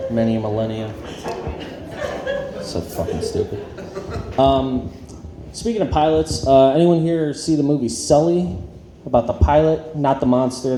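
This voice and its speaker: A man doing an awkward, self-deprecating stand-up set on a club stage, full of ums and trailing off. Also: medium pitch. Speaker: stand-up comedian. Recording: roomy club sound with audience noise. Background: audience laughter.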